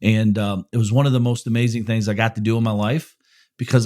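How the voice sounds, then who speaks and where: In clean studio sound with no room tone, a middle-aged man talks fast in a lowish, fairly even, slightly mellow voice. Hosting a podcast, he fields listener questions in a loose motivational monologue, blunt and profane, candid about his own feelings and personal life.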